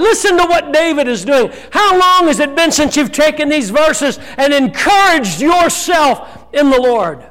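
High-voiced preaching pastor, a man. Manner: preaching with sudden shouts and quieter scripture reading. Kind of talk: sermon. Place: church.

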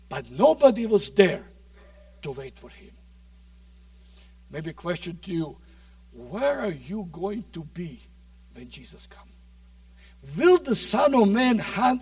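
A man preaching a sermon in a dramatic way, swinging from loud shouts to near-whispers, recorded dry from a distant mic. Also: high-pitched, no room sound.

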